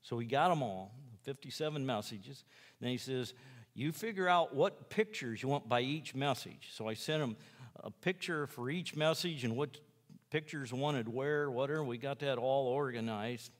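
A man's voice: medium pitch, normal speed, in a large hall. A man who preaches in jails tells his personal testimony in a folksy, rambling way, acting out the lines of other people. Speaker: jail preacher.

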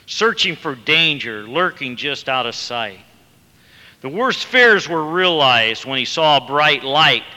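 In a sermon, a male preacher tells a story slowly, his bright, forceful voice building into emphatic bursts. The voice sits slightly high and rings with a long hall reverb.

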